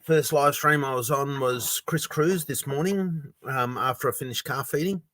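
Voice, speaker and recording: A man's voice: mid-range voice, moderate pace, a bit bright, no echo. Chatty man hosting a livestream. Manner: rambling, chatty, reads viewer comments aloud. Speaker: livestream host. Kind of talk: casual livestream chat.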